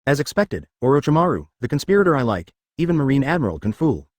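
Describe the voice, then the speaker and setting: A man reading a fan story aloud as narrator, in an even, stiff delivery. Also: medium pitch, fast talker, dry recording, studio quality.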